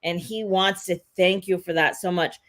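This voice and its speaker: A woman's voice: lowish voice, steady tone, normal speed. A woman co-hosting a live psychic reading, rambling and hesitant with many fillers. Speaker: psychic co-host.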